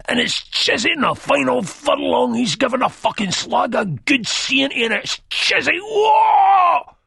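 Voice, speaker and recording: A man voicing a crude, sneering, menacing man, loud and jeering. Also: extremely high pitch, expressive, measured pace, creaky, slightly rough, dry recording, studio quality, pitched above the performer's own voice, full character voice.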